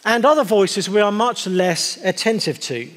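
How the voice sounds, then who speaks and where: Guy with a high voice giving a sermon, chatty and dry-humored, big echoey church hall. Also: animated, a bit bright. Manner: conversational and wry, slowing down for emphasis. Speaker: preacher. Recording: long hall reverb.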